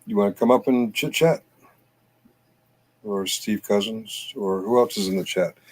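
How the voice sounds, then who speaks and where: A man's voice: fairly low pitch, a little slow, a little mellow. A man from the United States hosting a late-night live chat, rambling, reading comments aloud and laughing often. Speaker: livestream panel host.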